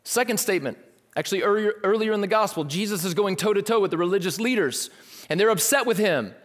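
A male pastor preaching a sermon in a casual, lively way, dropping slang asides. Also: high voice, fast talker. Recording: long hall reverb.

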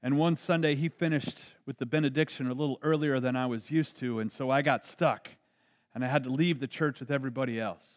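A man's voice: mid-range voice, fairly quick. A man, a pastor, preaching an earnest storytelling sermon. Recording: dull lo-fi recording.

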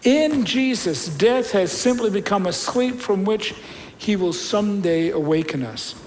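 High-voiced man preaching a sermon. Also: unhurried, a little hiss or hum, rough recording. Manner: conversational storytelling preacher, shifts between loud emphasis and quiet. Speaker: pastor.

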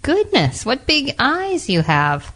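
A woman reading a storybook and voicing a sweet, timid little girl in a red hood, with a soft, breathless, pleading manner. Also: lowish voice, moderate pace, natural voice. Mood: girlish.

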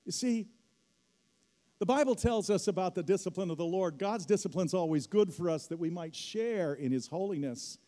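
A man's voice: high voice, normal speed, warm tone. A middle-aged man preaching a sermon as pastor, telling a story and rising to emphatic peaks. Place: church hall. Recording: long hall reverb.

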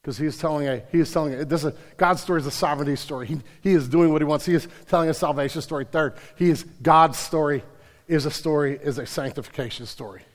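A man preaching a sermon as pastor, swinging from hushed whispers to loud, emphatic passages and repeating words for emphasis. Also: fairly high pitch, quick pace, in a large hall. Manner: repeats words and restarts when stressing a point.

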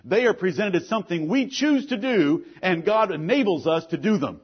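A man preaching a sermon with force, asking pointed questions and swinging between loud and low lines. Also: animated, normal speed, breathy edge, dull audio. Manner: forceful preaching, rises and drops sharply, rhetorical questions. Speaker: pastor.

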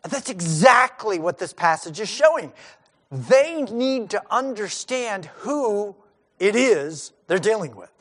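A man's voice: sits high, very animated, slow pace, a bit bright. A middle-aged male pastor giving a sermon in a conversational way, acting out the lines of the disciples.

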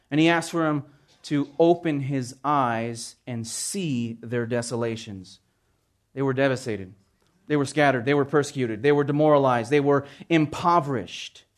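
A man preaching a sermon as pastor, earnest and emphatic, reading scripture in a pleading tone. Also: a little high.

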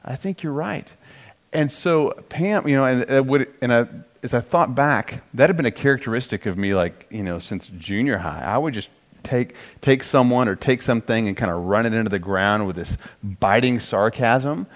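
A middle-aged man with a medium-pitched voice and moderate pace teaches a marriage course in a relaxed, conversational way. He jokes at his own expense and gets animated when quoting himself.

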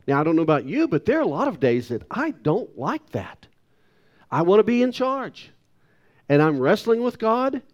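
A man's voice: very high voice, highs cut off. A man in his sixties preaching a sermon with emphatic delivery and self-deprecating asides. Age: 60s. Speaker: pastor.

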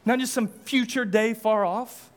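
A man's voice: high voice, steady tone, unhurried. A male pastor preaching a sermon, impassioned, with repeated rhetorical questions and casual asides.

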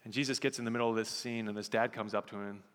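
A man preaching a sermon as pastor, moving from quiet storytelling to loud, fervent pleading. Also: lowish voice, steady tone, very fast, long reverb tail. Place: church sanctuary.

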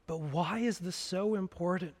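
A man preaching a sermon as pastor, slow and emphatic, dropping to a hush at times. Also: high-pitched, in a large hall.

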